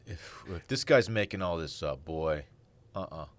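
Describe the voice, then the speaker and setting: A man's voice: low voice, expressive, unhurried, no echo. A man co-hosting a podcast, teasing his friends in casual chat. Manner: contrarian, teasing, swoops into jokey voices. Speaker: podcast co-host.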